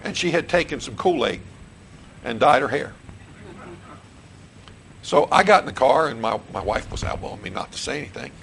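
A man's voice: mid-range voice, expressive, moderate pace, creaky, long pauses, a bit bright, slight background noise, poor audio. A middle-aged man, a pastor preaching a sermon in a church, who repeats questions to the congregation and restarts his phrases. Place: church sanctuary.

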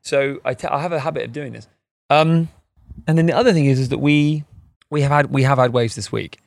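A man hosting a podcast in casual chat, rambling and animated and laughing often, recorded outdoors in a garden. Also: medium pitch, fairly quick, vocal fry, dry recording. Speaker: podcast host.

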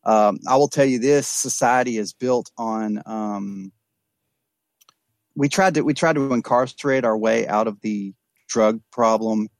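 A man's voice: mid-range voice, unhurried, no room sound. A man working as an addiction counselor, speaking earnestly and reflectively in a candid podcast conversation, often restarting and repeating words. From East Texas.

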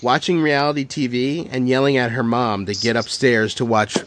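A man's voice: mid-range voice, fairly even intonation, normal speed, fairly bright tone. A man hosting a casual podcast game, talking loosely, laughing and swearing into a podcast microphone. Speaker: podcast host running a guessing game.

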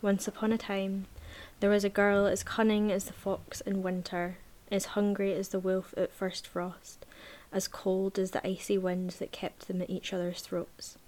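Reading aloud from a novel, a female book reviewer keeps her medium-pitched voice calm and even. Afterward she shifts to easygoing talk about what she's read.

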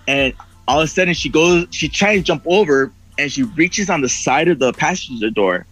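A man's voice: on the high side, animated, fairly quick, a bit bright, poor audio. A man telling a story in loose, casual chat, rambling along and swearing freely. He jumps into the voices of the people in it as he goes. Faint music plays underneath. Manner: rambling, heavy swearing, acts out quoted voices. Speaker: podcast guest.

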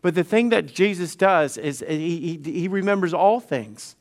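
A man's voice: high voice, animated, measured pace. A middle-aged male pastor preaching conversationally, often repeating words and acting out quoted dialogue. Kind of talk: sermon.

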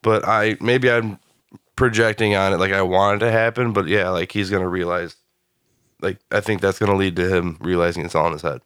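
A man co-hosting a podcast, relaxed and casual, laying out his own theories about a TV show. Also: low-pitched, fairly quick, smooth, no room sound, clean studio sound. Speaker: podcast co-host. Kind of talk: casual chat discussing a TV show.

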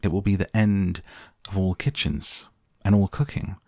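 Guy reading a boastful eccentric candy maker, husky low voice, slow and grand. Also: fairly even intonation, darkish tone, dry recording, studio quality, heavily acted. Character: eccentric proud male candy inventor.

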